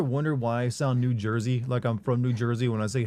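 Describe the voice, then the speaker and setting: A man from Michigan talks his way through a horror game in casual let's-play commentary. His voice is mellow and relaxed, and it sits at a plain middle pitch. He rambles from topic to topic and breaks off to answer his viewers. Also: quick pace, few pauses. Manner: rambling, chats with viewers between gameplay. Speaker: gaming streamer.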